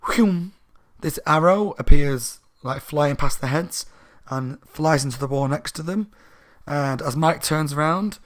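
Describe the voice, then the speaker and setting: Man with a sore throat retelling a story. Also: medium pitch. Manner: rambling, animated, laughing asides. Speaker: book reviewer. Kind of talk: casual plot retelling.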